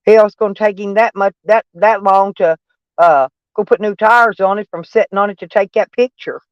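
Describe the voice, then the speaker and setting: A woman's voice: mid-range voice, normal speed, no room sound, lo-fi sound. A middle-aged woman chatting casually on a live stream, mocking and sarcastic toward trolls in her chat. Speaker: van life streamer.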